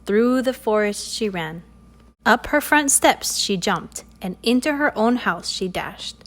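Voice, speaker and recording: A woman reading a children's story aloud in an expressive, playful way. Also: mid-range voice, measured pace.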